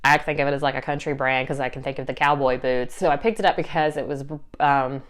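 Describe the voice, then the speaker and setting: A woman's voice: extremely low pitch, fairly even intonation, fast. A young woman with a Southern US accent, chatting casually to camera about her resale sales, upbeat and full of fillers and small laughs. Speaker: reseller vlogger.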